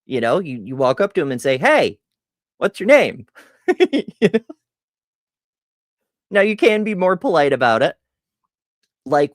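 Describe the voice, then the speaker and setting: A woman's voice: low-pitched, no echo, clean studio sound. A middle-aged woman streaming a casual question-and-answer session, rambling off on tangents and laughing at herself. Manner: rambling and tangential, self-deprecating; chatty with frequent laughs and restarts. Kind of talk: casual livestream Q&A.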